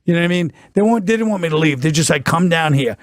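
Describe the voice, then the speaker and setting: A man's voice: fairly high pitch, racing, dry recording. A middle-aged man, a guest comedian telling stories in casual talk and acting out the voices of people in them, close on a studio mic. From New York. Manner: animated, acts out other voices in stories. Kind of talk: casual storytelling on a talk show.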